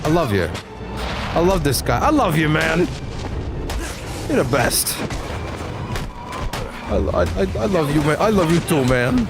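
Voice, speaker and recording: A man voicing a goofy, friendly young henchman who stammers and gushes, in a higher voice than his own. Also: sing-song, a little slow, pauses often, over loud music. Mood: gushing, friendly. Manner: stammering, gushing.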